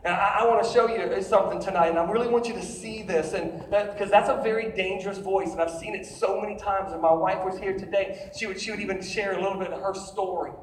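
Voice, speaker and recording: A man's voice: sits high, steady tone, quick pace, hardly any pauses, a little hiss or hum. Male preacher, emphatic sermon voice, quizzing the crowd; roomy, from a distance. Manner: emphatic, calls out to the crowd with questions. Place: large room with an audience.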